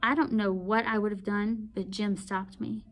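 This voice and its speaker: A woman reading a novel aloud as host of a read-aloud channel, expressive and measured. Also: mid-range voice.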